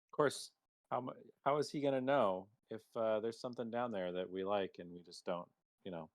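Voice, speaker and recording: A man's voice: on the low side, fairly quick. A man playing a tabletop game, asking hesitant questions. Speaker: player. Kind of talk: casual chat.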